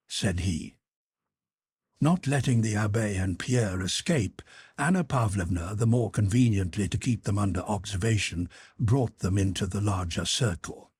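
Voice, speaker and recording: A man reading a classic novel aloud as an audiobook narrator, in a measured, expressive way. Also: lowish voice, husky, no room sound, clean studio sound.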